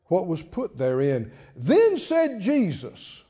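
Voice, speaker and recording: A preacher delivering a dramatic call-and-response sermon in a church. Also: male voice, high-pitched, wildly swooping pitch, takes it slowly, mellow, breathy edge, in a large hall, lo-fi sound.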